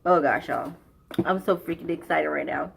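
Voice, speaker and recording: A young woman, gushing excitedly through a beauty unboxing vlog and repeating "y'all" and "oh my God". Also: low-pitched, normal speed, vocal fry, slight background noise. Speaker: beauty vlogger.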